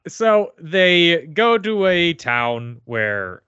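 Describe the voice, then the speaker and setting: A man's voice: a little high, very animated, drawn-out words, pushed and bright, clear, resonant tone, no echo, dull audio. A man co-hosting a podcast, recapping a movie plot in a dry, sarcastic, casual way. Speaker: podcast co-host. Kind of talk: casual movie review chat. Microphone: remote podcast mic, no camera.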